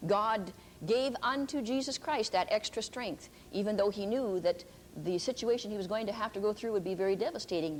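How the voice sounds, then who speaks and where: An older woman giving a Christian teaching talk, telling a personal story earnestly, with pauses and restarts. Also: mid-range voice, a little hiss or hum, rough recording.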